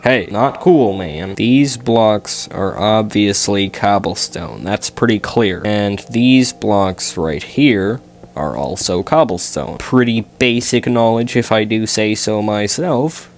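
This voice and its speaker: A man's voice: lowish voice, takes it slowly. Young man rambling over a game. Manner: rambling, self-deprecating, talks to game characters. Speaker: gaming YouTuber. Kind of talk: casual Minecraft commentary.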